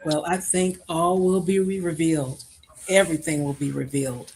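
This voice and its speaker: A guest on a live stream call giving brief, measured answers. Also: medium pitch, steady tone, darkish tone, a little hiss or hum. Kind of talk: casual live stream chat.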